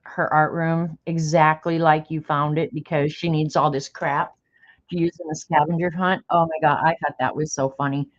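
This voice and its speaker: Middle aged lady chatting on her art stream, kinda low voice, muffled lofi sound. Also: level tone, moderate pace. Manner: chatty, talks to herself while working. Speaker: art livestream host. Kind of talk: casual chat while drawing. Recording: dull lo-fi stream audio.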